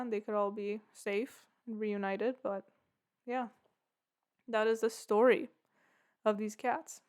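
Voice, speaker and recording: Chatty woman podcaster, smooth voice. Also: medium pitch. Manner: rambling, lots of "like" and "yeah". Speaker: podcast host. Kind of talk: casual storytelling.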